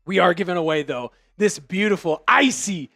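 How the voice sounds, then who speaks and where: A man co-hosting a live football watch stream, joking with chat and getting loud when his team scores. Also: high voice, normal speed, gravelly, no room sound, clean studio sound, faint music behind. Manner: energetic, jokey, shouts on scores. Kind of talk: excited live game commentary and chat. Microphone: headphones with mic.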